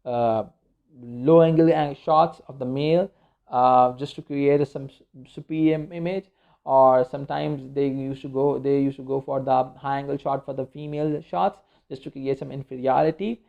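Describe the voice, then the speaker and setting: A man's voice: medium pitch, fairly even intonation, moderate pace, gravelly. A man teaching a media studies lecture in a loose, rambling way, full of fillers and restarts. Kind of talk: informal recorded lecture. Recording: dull lo-fi recording.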